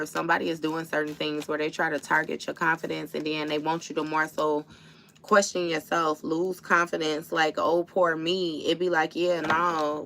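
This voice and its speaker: A woman reads tarot live into her phone at home, blunt and profane, with a streetwise storytelling flow. Her voice sits low and gravelly with a bright, forceful edge. A faint hiss runs under it. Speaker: tarot reader. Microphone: phone or webcam for a livestream.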